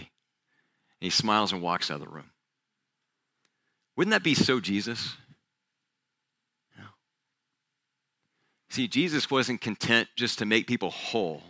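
A male pastor preaching a sermon, telling stories in a casual, conversational way, often dropping to a quiet, intense voice when he quotes someone. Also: on the low side, lively intonation, unhurried, pauses often, dry recording, clean studio sound. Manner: conversational storytelling with casual fillers.

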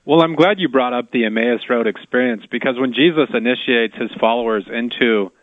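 A man's voice: medium pitch, a little fast, dry recording, phone-quality sound. A man co-hosting a Catholic radio talk show, speaking thoughtfully with frequent "like" fillers. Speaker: radio co-host. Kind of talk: casual faith discussion.

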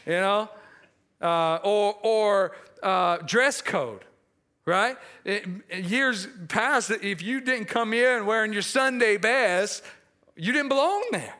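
A male preacher delivering a sermon with a high-pitched voice. His tone is bright and forceful, and he gets animated as he acts out conversations from the story, now and then laughing at his own asides. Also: slow.

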